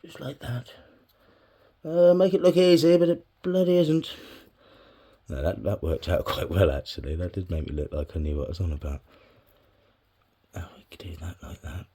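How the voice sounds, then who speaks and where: A man's voice: sits low, animated, normal speed, long pauses, warm tone. A man chatting casually to the camera while wiring a bonsai, swearing often and talking to himself. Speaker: bonsai hobbyist vlogger. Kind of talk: casual chat while working.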